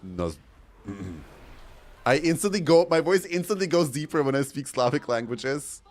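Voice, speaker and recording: A man's voice: on the high side, animated, measured pace. A man from Bosnia, streaming a game and chatting casually with a joking, giggly, self-mocking manner. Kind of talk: casual gaming stream chat.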